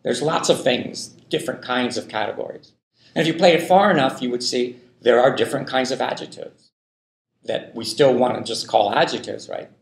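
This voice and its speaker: A man's voice: mid-range voice, moderate pace, vocal fry. Lecturing man in an echoey hall. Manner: loose, thinking aloud, many fillers and "right?" checks. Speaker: university linguistics lecturer. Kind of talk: classroom lecture.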